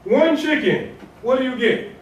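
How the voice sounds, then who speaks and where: Preaching a Friday sermon as imam in a mosque prayer hall, a man speaks in a very high, expressive voice at a slightly slow pace. His style is colloquial and conversational, using rhetorical questions and repetition. The hall is echoey and his voice sounds far off.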